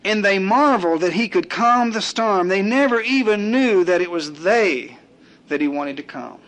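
A male preacher delivers a sermon at a slow, deliberate pace, letting pauses hang between his points. His voice sits a little higher than most men's. He builds through rhythmic repetition and acts out the prayers and complaints he quotes. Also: animated, fairly bright tone.

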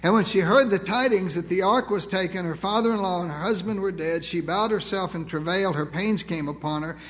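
A man's voice: high-pitched, fairly quick, a bit bright. An older man preaching a sermon to a church, folksy and humorous, drawing out words for emphasis. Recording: long reverb of a large hall.

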